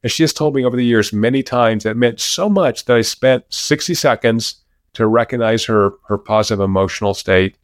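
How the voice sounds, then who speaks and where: A man as an interview guest, talking over a video call, lively and animated as he tells stories from his research. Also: medium pitch, a little fast, no room sound, studio quality. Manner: animated storyteller, lively when telling anecdotes. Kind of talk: interview conversation. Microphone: remote video call.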